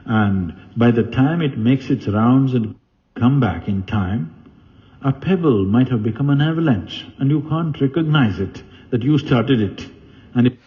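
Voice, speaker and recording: A man's voice: medium pitch, animated, measured pace, muffled recording. A man giving a spiritual talk, telling stories with animation and asking the audience questions. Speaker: spiritual teacher. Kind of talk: spiritual discourse with storytelling.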